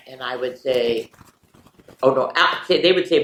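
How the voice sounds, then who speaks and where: Animated older woman reading stories to kids. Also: rumbling low, normal speed. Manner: animated, with playful sound effects and chatty asides. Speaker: children's story reader. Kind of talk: reading picture books aloud to children. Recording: echoey room with faint noise.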